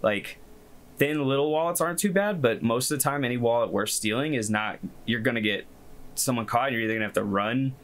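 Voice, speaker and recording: A man's voice: lowish voice, a bit bright. A man running a tabletop game as game master, talking in a loose, joking way and laughing often. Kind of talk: casual tabletop game narration.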